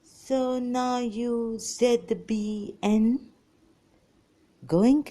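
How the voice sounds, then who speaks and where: Slow, dark-voiced woman vlogging. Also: a little high, steady tone. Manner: scattered, exasperated, jumps between topics. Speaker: ex-Muslim vlogger. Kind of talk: rambling monologue to camera.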